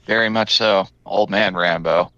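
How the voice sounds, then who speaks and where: A man's voice: sits low, fairly even intonation, unhurried, pushed and bright, no echo, dull audio. A man running a tabletop game as game master, narrating scenes and calling for rolls in an easygoing, joking way.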